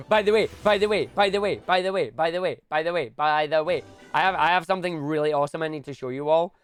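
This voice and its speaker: A young man chatting casually on a live stream, excitable and prone to loud bursts of enthusiasm. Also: on the high side, fast talker, hardly any pauses, soft background music.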